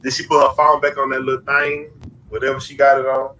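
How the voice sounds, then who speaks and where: A man's voice: medium pitch, monotone, fairly quick, pushed and bright, echoey room. A man casually retelling events and acting out the dialogue he quotes. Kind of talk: casual storytelling. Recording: distant mic with faint background noise.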